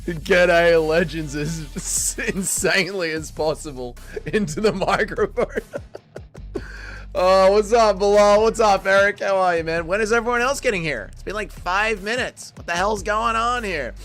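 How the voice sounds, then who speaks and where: A young Australian man hosting a livestream in casual chat, energetic and slangy, greeting viewers and calling everyone mate. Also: high-pitched, moderate pace, soft background music. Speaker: livestream host.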